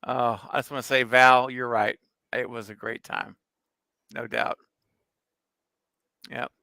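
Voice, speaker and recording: A man co-hosting a casual livestream chat, chiming in and reminiscing with animated energy. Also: mid-range voice, slow pace, vocal fry, clear, resonant tone, dry recording. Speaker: co-host.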